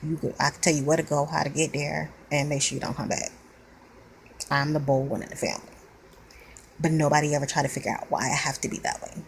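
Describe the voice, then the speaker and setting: A woman's voice: low-pitched, fast, gravelly, a little hiss or hum, poor audio. A woman venting in a blunt, weary monologue, close to tears. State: near tears. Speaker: vlogger.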